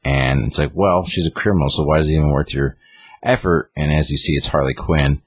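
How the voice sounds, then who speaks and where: A man's voice: a bass voice, brisk, breathy edge, no echo. A man casually recapping a comic story, rambling with lots of fillers. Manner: rambling retelling with many fillers. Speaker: comic book reviewer. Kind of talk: casual chat.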